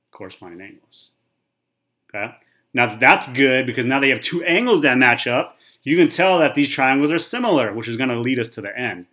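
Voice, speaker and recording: A man's voice: medium pitch, fairly bright tone. A man in his thirties, a math teacher talking casually through a whiteboard lesson, checking in with okay and right. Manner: chatty, repeats okay and right often.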